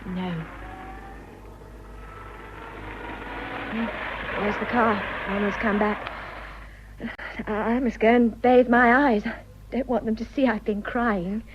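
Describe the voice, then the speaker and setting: An actress playing a teasing, affectionate young wealthy wife in a radio drama, with upper-class British speech. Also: female voice, on the high side, steady tone, measured pace, close to an everyday voice. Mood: resolved. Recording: dull lo-fi radio drama, faint hiss.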